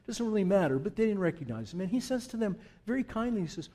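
A man's voice: high voice, lively intonation, quick pace, dark tone. A man preaching an unscripted sermon to his congregation, talking from the heart in a conversational way that builds to fervent emphasis. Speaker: pastor. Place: church sanctuary.

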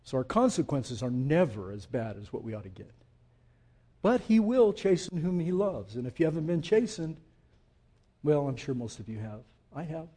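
A man preaching a sermon, swinging from loud emphatic peaks to quiet, low asides and putting direct questions to the congregation. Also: big pitch swings, moderate pace, breathy edge. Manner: emphatic, rising to loud peaks then dropping low and intimate. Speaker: pastor.

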